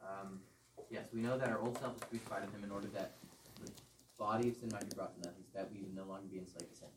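A man in a class reading scripture aloud and then explaining it haltingly, with many fillers. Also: lowish voice, steady tone. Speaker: class participant. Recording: roomy, distant mic, faint noise.

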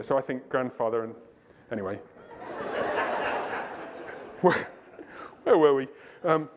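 A man lecturing a church audience in a conversational way. He asks rhetorical questions and sometimes digresses. His voice is fairly high-pitched, and the recording sounds muffled and lo-fi. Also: a little mellow, in a large hall. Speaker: Christian conference speaker.

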